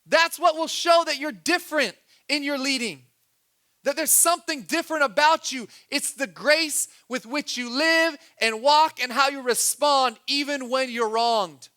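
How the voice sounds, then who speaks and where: High-voiced man preaching a sermon. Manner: preaches with swings between soft low asides and loud urgent pushes. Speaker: pastor.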